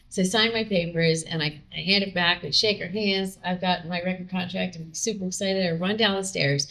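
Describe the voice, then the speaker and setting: Lowish-voiced woman telling a lively story. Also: brisk, gravelly, few pauses. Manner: animated, acts out quoted dialogue. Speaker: podcast guest; singer with a record contract. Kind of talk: personal storytelling.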